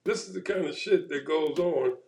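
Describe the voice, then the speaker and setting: A man in casual conversation, retelling a run-in with police in an animated way and acting out the quoted exchanges. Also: on the high side, moderate pace, creaky, low-quality recording.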